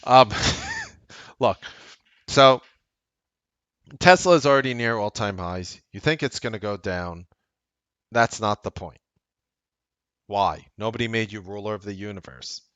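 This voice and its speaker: A man hosting a trading livestream, talking bluntly and sarcastically, swinging from loud outbursts to low asides. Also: a little slow, pauses often, smooth, no echo. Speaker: trading coach and livestream host. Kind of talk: unscripted livestream commentary.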